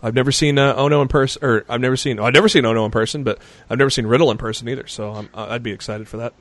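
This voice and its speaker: A man's voice: medium pitch, fairly even intonation, racing, fairly bright tone, no room sound. A man co-hosting a podcast, recapping the news casually and rambling with frequent fillers and restarts. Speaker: podcast co-host.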